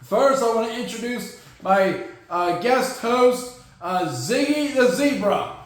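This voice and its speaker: Man, high voice, jokey sports podcast host, very roomy echo, goofy delivery. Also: animated, slow pace. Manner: jokey and goofy, with shouted catchphrases. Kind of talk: casual solo sports podcast. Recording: very echoey room.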